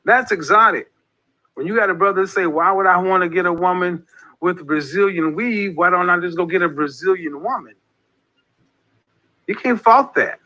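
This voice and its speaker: A man's voice: high voice, normal speed, sharp tone, a little hiss or hum. A man giving an impassioned, preachy monologue as an online group leader, repeating his points with emphasis. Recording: dull lo-fi audio.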